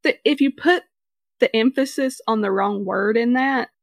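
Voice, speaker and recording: A woman's voice: on the high side, moderate pace, no echo. Detail-minded woman on a dry mic. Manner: chatty, picks at details, reads summaries aloud. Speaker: podcast co-host. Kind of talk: casual chat.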